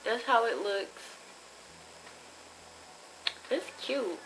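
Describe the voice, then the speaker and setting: A woman's voice: on the high side, lively intonation, very slow, background noise. A young woman, chatting casually and bluntly, with plenty of profanity, while she reviews a haul of cheap jewelry. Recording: music playing behind the voice.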